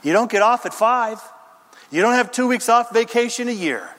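Animated high-voiced male preacher in a reverberant hall. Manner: emphatic, dramatic preaching with long pauses and lists. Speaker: pastor. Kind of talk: sermon.

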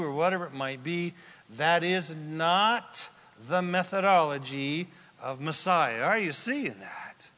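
A man preaching a sermon as a pastor, telling the story in a lively, joking way and acting out the quotes. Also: sits high, a little slow. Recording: long hall reverb from a large room.

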